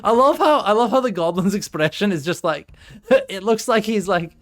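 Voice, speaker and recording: A man's voice: sits high, lively intonation, normal speed. A man hosting a live tabletop game stream in a casual, joking manner. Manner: joking, laughing often. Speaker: game master and stream host.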